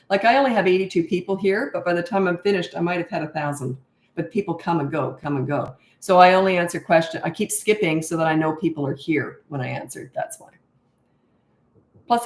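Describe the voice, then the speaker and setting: A woman's voice: fairly low pitch, echoey room. A middle-aged woman parenting coach answering viewer questions on a live stream, blunt and emphatic, often repeating words for stress.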